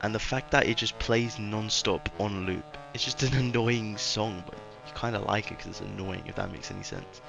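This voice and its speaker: A man's voice: fairly low pitch, animated, moderate pace, gravelly, few pauses, over music. A man doing a casual, rambling voice-over commentary on a video game, sarcastic and trailing off into mumbles at times.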